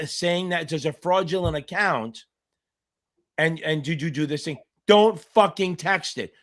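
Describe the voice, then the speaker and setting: A man's voice: a little high, fairly bright tone. A middle-aged man tutoring for a finance exam on a live Q&A stream, talking bluntly with constant swearing. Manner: blunt, profane, rapid rants.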